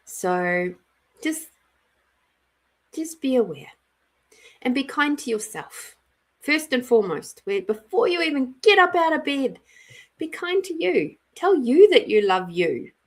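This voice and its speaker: A woman's voice: high-pitched, very animated, measured pace, pauses often. A middle-aged woman from Australia hosting a casual live-stream card reading, chatty and giggly, greeting viewers by name. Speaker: intuitive card reader and live-stream host.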